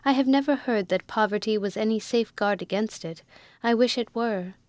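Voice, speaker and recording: A woman's voice: on the high side, brisk, a little mellow, no echo, lightly acted. A woman reading the part of a poor young woman with a sweet, simple, faltering voice, in a storybook reading. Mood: tearful.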